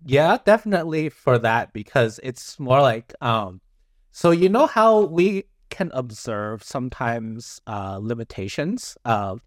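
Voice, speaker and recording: A man's voice: mid-range voice, very animated, measured pace, dry recording, studio quality. A man co-hosting a casual podcast chat, rambling with many fillers and frequent chuckles. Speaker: podcast co-host.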